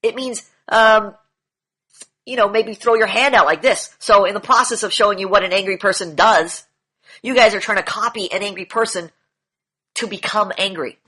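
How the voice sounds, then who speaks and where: A man's voice: high-pitched, normal speed, sharp tone. A man coaching a group in an online session, lecturing bluntly, repeating key phrases and swearing now and then. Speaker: demand training coach.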